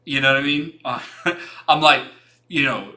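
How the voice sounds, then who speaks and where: A man's voice: mid-range voice, unhurried, bright, forceful tone. A young man hosting a design livestream, giving frank, rambling portfolio feedback with many restarts and some casual swearing.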